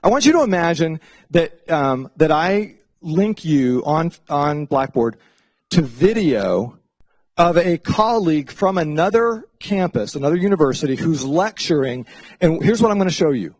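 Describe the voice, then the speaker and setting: A middle-aged male professor lectures in a loose, chatty way, his fairly high voice swinging widely in pitch as he acts out little asides. The sound is dry and close, with almost no room echo. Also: normal speed. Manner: chatty, animated, jumps into playful voices for asides. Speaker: psychology professor. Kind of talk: casual classroom lecture.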